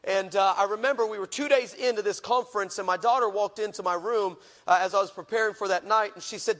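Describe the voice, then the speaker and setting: A male pastor preaching a sermon, with fervent declarative prayer and lively storytelling full of repetition. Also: sits high, quick pace, hardly any pauses. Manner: lively storyteller who acts out dialogue.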